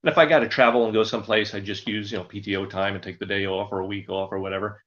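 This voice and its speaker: A man's voice: lowish voice, steady tone, very fast, a bit bright, highs cut off. An older man who performs as a ventriloquist, telling rambling stories in a casual interview. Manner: rambling, anecdotal storyteller. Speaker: ventriloquist guest.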